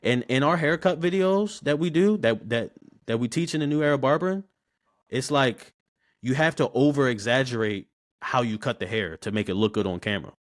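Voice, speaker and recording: A man, telling stories as a podcast guest in a loose, slangy, animated way. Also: mid-range voice, brisk. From Baltimore, USA. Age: 20s. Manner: animated, slangy, repeats words when starting sentences. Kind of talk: casual interview storytelling.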